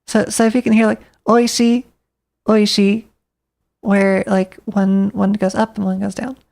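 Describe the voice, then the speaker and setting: A woman's voice: medium pitch, flat delivery, moderate pace, gravelly, warm tone. A woman streamer chatting casually, rambling and thinking aloud to herself.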